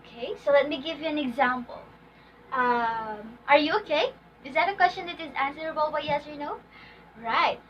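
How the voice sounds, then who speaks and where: A woman's voice: high voice, moderate pace. A woman teacher giving a lesson, often checking in with "okay?" and reading example sentences aloud. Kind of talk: classroom lesson on intonation. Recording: distant mic, dull lo-fi sound, faint noise.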